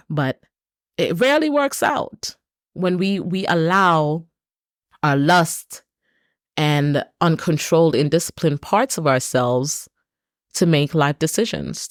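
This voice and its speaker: Low-voiced woman hosting a reflective podcast. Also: dry recording, studio quality. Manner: earnest, repetitive, emphatic lists. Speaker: podcast host. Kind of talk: reflective solo podcast monologue.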